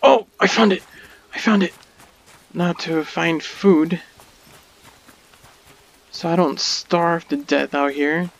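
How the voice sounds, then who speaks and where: A man's voice: on the high side, slow pace, vocal fry, long pauses. A man playing a survival game, reacting aloud in panicky, exclamatory bursts and talking to himself. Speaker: gamer. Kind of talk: let's play commentary.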